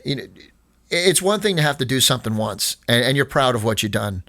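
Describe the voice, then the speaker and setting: A man's voice: medium pitch, expressive, brisk, pushed and bright, no room sound. A man telling a long story in casual chat, rambling with many restarts and fillers. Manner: rambling, many restarts and fillers, retells exchanges with quoted dialogue. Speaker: skatepark owner, podcast guest.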